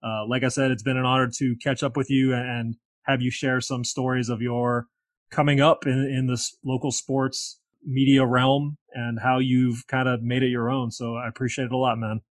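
A man's voice: medium pitch, flat delivery, normal speed, no room sound, clean studio sound. A man from Hawaii hosting a casual podcast, friendly and modest, often repeating words as he starts a sentence. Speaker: podcast host.

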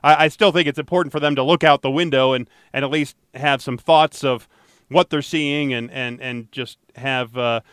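Smooth-voiced American man hosting a chat show. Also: mid-range voice, fairly even intonation, normal speed, a bit bright, dry recording, studio quality. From United States. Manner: reflective, with frequent restarts. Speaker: podcast host. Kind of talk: casual chat.

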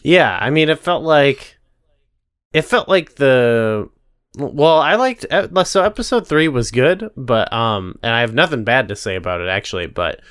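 A man's voice: mid-range voice, a little slow, clear, resonant tone, dry recording, studio quality. A man co-hosting a podcast, talking casually and a bit hesitantly about a show. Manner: relaxed, hesitant with fillers. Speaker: podcast co-host. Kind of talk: casual chat reviewing a show.

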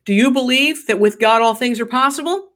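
A woman's voice: on the high side, brisk, fairly bright tone. A woman guest from Ohio telling a dramatic story in an interview, acting out the quoted dialogue with energy. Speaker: guest, pro-life activist.

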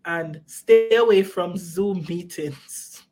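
A woman speaks as a film director and guest in a relaxed interview. Her talk is animated and chatty. She restarts phrases and checks in with the listener often. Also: on the low side, takes it slowly, over loud music. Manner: animated, repeats herself, frequent "you know what I mean". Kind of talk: casual interview.

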